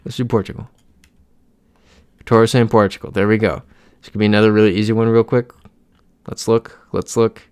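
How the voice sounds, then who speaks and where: A man's voice: fairly low pitch, level tone, brisk, long pauses, darkish tone, clean tone, no room sound. A young American man chatting casually on a live stream, reading out chat messages as he plays. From United States.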